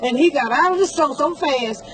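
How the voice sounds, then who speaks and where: A woman's voice: high-pitched, normal speed, a little hiss or hum, rough recording. A woman, a customer witness recounting events in a rambling, conversational way for a news interview.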